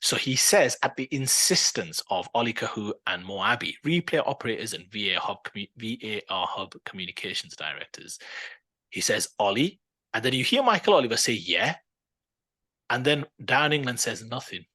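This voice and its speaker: A man co-hosting a podcast, talking football in a casual, animated and opinionated way, with plenty of fillers and restarts. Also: medium pitch, brisk. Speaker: podcast co-host.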